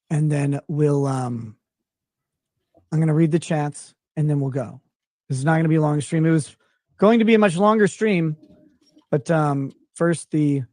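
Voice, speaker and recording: A man addressing his viewers at the start of a live stream, making a measured, serious announcement. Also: on the high side, a little mellow, dry recording.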